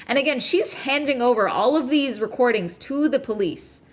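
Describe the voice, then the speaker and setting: A woman hosting a casual podcast, recapping a crime documentary in an animated, profane way with frequent "okay?" check-ins. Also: on the high side, normal speed, hardly any pauses, slight background noise. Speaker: podcast host.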